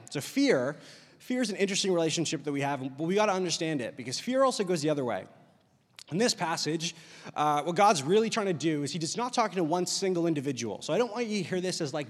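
A man with a high, bright-toned voice preaches casually to his congregation. He tells his stories in an animated, rambling way, with plenty of "like" fillers. His voice carries a long reverb from a large hall. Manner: animated storyteller, heavy use of "like". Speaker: pastor. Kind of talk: casual conversational sermon.

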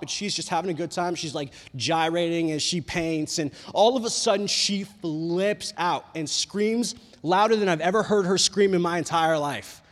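A man with a high voice preaches a casual youth sermon. He talks in an animated, rambling way and says "like" constantly. His voice rings through a large, reverberant church hall. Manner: animated, rambling, heavy use of "like".

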